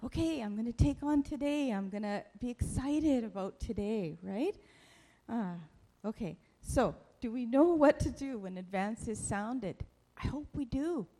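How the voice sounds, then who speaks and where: A woman giving a lively, playful church talk, animated and quick to poke fun at herself. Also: fairly high pitch. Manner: playful, self-mocking, animated. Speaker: church speaker.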